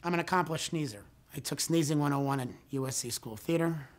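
A man doing stand-up comedy with a deadpan, self-mocking delivery. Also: a little high, fast. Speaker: comedic actor.

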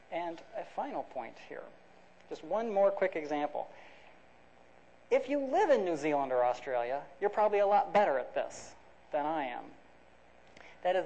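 The speaker is a man with a fairly high, slightly mellow voice giving a casual academic lecture in a lecture hall. He works through ideas step by step, with many restarts and fillers, and the lo-fi recording sounds dull.

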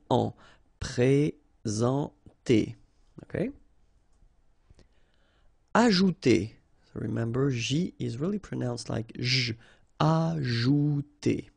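A man's voice: medium pitch, vocal fry, a little mellow, no room sound, clean studio sound. A man with a French accent teaching French vocabulary, patiently spelling out sounds and repeating each word.

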